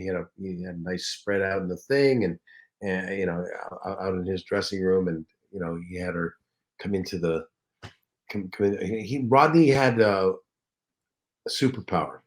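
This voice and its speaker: A man, a comedian and voice actor, telling anecdotes as a guest in a casual interview, lively and animated. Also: deep voice.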